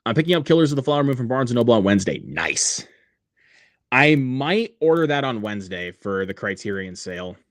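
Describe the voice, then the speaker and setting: A man's voice: mid-range voice, very animated, brisk, no room sound, clean studio sound. A man hosting a casual livestream, rambling with many fillers and reading viewer comments aloud. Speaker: livestream host.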